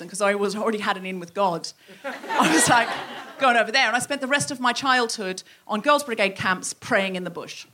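Woman from australia doing stand-up on a theatre stage, bright high-ish voice, acts out the quotes. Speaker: comedian. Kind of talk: stand-up storytelling. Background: audience laughter.

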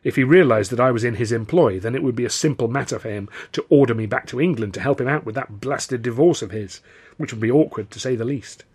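A man reading his own novel aloud as narrator, with brisk, wry storytelling. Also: mid-range voice, a little mellow, slightly rough. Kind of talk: scripted narration.

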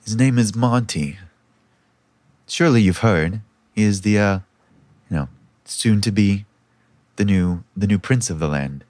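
A man doing a prim high elf princess. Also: unhurried, darkish tone, dry recording, close to an everyday voice. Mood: prim, gushing. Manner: prim, overly polite, flustered. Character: haughty high elf princess, young woman.

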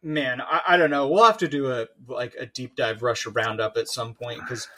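Thirties man, mid-pitched, loose rambling podcast co-host. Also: normal speed, pushed and bright. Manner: rambling, heavy fillers, casual swearing. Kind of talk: casual chat.

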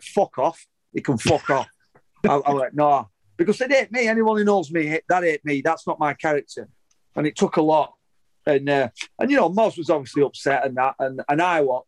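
Sweary ex-footballer, heated. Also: male voice, fairly high pitch, no echo, low-quality recording. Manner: heated, sweary, rambling with many restarts. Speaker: former professional footballer. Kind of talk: candid interview storytelling.

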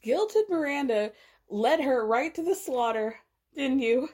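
Female podcast host, fairly high voice, swears freely, laughs through her rants. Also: unhurried. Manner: profane, animated, laughing often. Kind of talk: casual TV recap chat.

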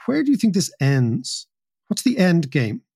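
A man's voice: high-pitched, very animated, a little slow, creaky, mellow, slightly rough, dry recording, clean studio sound. A man hosting a podcast interview, asking probing questions with stammering restarts. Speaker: podcast host.

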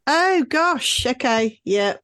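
A woman co-hosting a casual podcast, easygoing and quick to laugh, thinking aloud as she answers quiz questions. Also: high voice, expressive, fairly bright tone, dry recording, clean studio sound. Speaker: podcast co-host. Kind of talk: casual chat.

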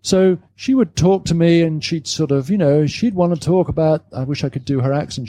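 A man's voice: fairly high pitch, moderate pace, few pauses, mellow. A man from Britain being interviewed about his book at a live event, talking casually with many restarts and repeated words. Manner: hesitant, repeats words, self-correcting. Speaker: author guest. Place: live event before an audience.

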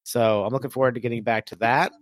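A man's voice: medium pitch, steady tone, quick pace, no echo. A man co-hosting a podcast, speaking in a hesitant, reflective way with many restarts. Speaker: podcast co-host. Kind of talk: casual chat.

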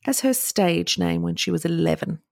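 A woman's voice: on the low side, moderate pace, gravelly, no room sound, clean studio sound. A woman co-hosting a casual podcast, chatting and reading history notes aloud in a chatty, joking way. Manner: chatty, laughs, breaks into jokey voices. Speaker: podcast co-host.

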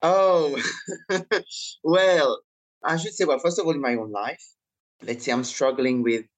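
An Italian man with an Italian accent, a writer and activist, is interviewed as a podcast guest. His phrases are measured and drawn out, often hedged with fillers. His voice sits on the high side, and the audio quality is poor.

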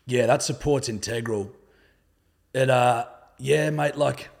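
An Australian man, appearing as a co-host and guest, chats on a casual podcast in a blunt, laid-back style and swears freely. His medium-pitched voice is slow and darkish with vocal fry.

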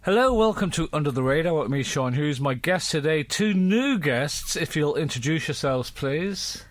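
Male radio host, playful teasing banter, very animated pitch. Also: moderate pace, no echo. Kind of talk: comedy panel chat.

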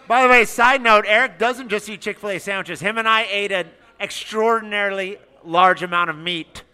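A man's voice: sits high, moderate pace, clean tone. A man calling out raffle numbers and joking with the crowd at a live event. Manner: loud, joking, calls out numbers. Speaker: raffle announcer.

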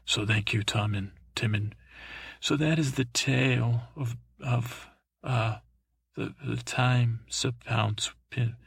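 Gravelly rambling man, playing a dim boy prince. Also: medium pitch, steady tone, no echo. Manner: halting, full of restarts and mixed-up names. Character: dim, timid boy prince telling a tale. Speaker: comedic storyteller. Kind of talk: rambling improvised comic storytelling in character as a boy prince.

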